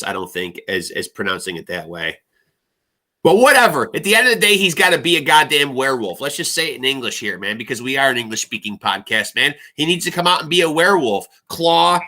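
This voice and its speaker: A man's voice: medium pitch, bright, forceful tone. A man co-hosting a boxing podcast, loose and joking, swearing freely in casual banter. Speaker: podcast co-host.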